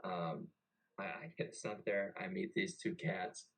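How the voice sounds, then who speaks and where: A young navy veteran tells a story loosely and casually. His voice sits on the low side, and he swears freely and keeps things animated. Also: measured pace, creaky, poor audio. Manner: profane and animated. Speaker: podcast host and navy veteran.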